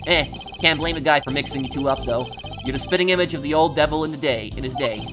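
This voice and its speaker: A man voicing a smooth, cocky male defense lawyer in a put-on accent, slick and drawn-out, over game music. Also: a little high, natural voice. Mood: smug. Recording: game music playing underneath.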